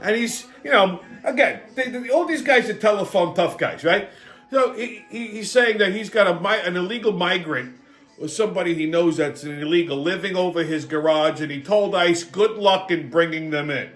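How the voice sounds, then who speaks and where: A man's voice: high-pitched, moderate pace, a bit bright, soft background music. A male host ranting on a comedic political show, brash, swaggering and full of swearing. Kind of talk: profane comedic political rant.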